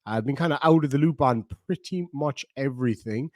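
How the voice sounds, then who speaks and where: Hosting a livestream, a middle-aged Irish man reads out viewer comments in a rambling, jokey, chatty way. His mid-range voice moves briskly, and the clean studio audio carries no echo.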